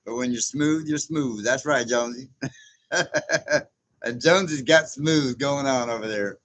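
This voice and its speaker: A man's voice: medium pitch, measured pace, fairly bright tone. A man in his sixties chatting casually as host of a livestream, reading viewer comments aloud, rambling and chuckling often. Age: 60s. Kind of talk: casual live chat.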